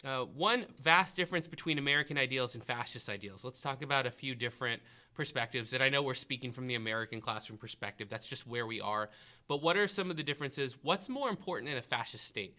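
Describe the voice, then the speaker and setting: A man's voice: mid-range voice, expressive, quick pace, pushed and bright. A man hosting a history review podcast, asking a student questions and encouraging the answers. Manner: questioning, encouraging, thinking aloud. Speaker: history teacher and podcast host.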